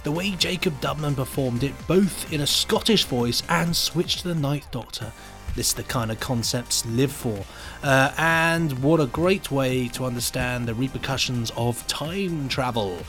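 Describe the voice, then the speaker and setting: A man's voice: medium pitch, measured pace, a bit bright, faint music behind. A man co-hosting a podcast, reading reviews and announcing what is coming up. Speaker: podcast co-host. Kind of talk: casual chat, reviews and show rundown.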